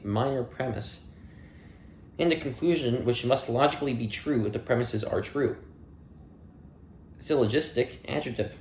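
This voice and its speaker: A man's voice: mid-range voice, a little mellow, echoey room, a little hiss or hum. A man reading dictionary entries aloud one by one, with plain delivery, dry asides and small playful slips. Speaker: audiobook reader.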